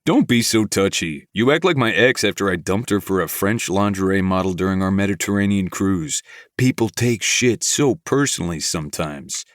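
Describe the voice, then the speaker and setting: A man's voice: deep voice, normal speed, no echo, clean studio sound, close to an everyday voice. A man voicing a sly, smug male billionaire businessman with a mocking, sarcastic manner.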